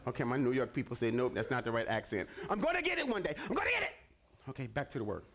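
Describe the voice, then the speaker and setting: A man with a mid-range voice preaches a sermon at rapid-fire speed on a television ministry broadcast. He is animated and repetitive, stammering into restarts and breaking into sudden bursts.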